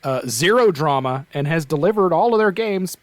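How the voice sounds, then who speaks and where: This is a man with an Atlantic Canadian accent, co-hosting a podcast in an easygoing, rambling way. His voice sits a bit high for a man. He is recorded close and dry, with no room sound. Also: normal speed, dry recording. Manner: animated, rambling, fond of "like" and "right?". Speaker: podcast co-host. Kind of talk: casual chat.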